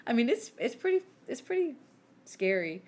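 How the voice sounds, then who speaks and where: A woman in her thirties, co-hosting a podcast, telling stories in animated casual chat and acting out the quotes. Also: fairly high pitch, normal speed. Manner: animated storyteller who acts out quotes. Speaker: podcast co-host.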